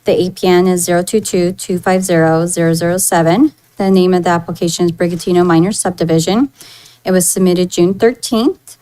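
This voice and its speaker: Lower-voiced woman planner reading reports. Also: steady tone, brisk, dark tone, smooth, rough recording. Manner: businesslike, reading figures with fillers. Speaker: principal planner. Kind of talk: staff report at public meeting.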